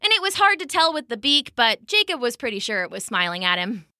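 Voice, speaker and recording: A woman narrating a children's story in an animated, expressive storytelling manner. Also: fairly high pitch, a little fast, dry recording, studio quality.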